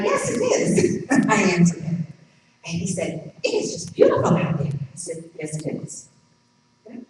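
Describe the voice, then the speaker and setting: A woman's voice: lowish voice, darkish tone, slight background noise. A woman minister giving a reflective sermon, telling a personal story with quoted dialogue. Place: church hall. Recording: roomy hall, far from the mic.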